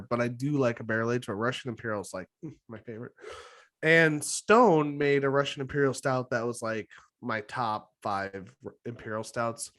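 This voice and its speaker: A man co-hosting a casual podcast from his home office, animated and often laughing, with some swearing. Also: medium pitch. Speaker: podcast co-host. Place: home office, door open. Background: dogs barking.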